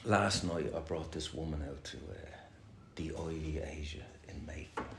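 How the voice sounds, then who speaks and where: This middle-aged man's voice is a creaky, rumbling low, and he speaks at a measured pace. He's sharing at a recovery meeting, rambling and candid with plenty of profanity, recorded in an echoey room with a little noise.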